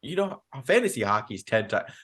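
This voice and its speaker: A man's voice: medium pitch, sing-song, brisk, fairly bright tone. A man co-hosting a casual podcast, bantering and teasing his friends about sports. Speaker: podcast co-host. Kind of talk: casual chat.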